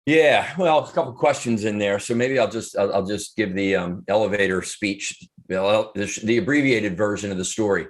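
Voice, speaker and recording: A man in his fifties, an author and speaker, earnestly telling a personal story in an interview, with frequent restarts. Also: on the low side. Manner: earnest, reflective, halting with restarts.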